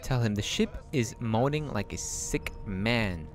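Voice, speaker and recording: A man's voice: on the low side, lively intonation, measured pace. A young man casually commenting while playing a game, joking and reading choices aloud. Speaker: let's play host.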